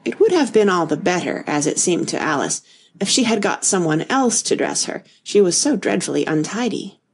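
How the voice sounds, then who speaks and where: A woman reading a children's storybook aloud in an expressive, lively way. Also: fairly low pitch, normal speed, husky. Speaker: narrator.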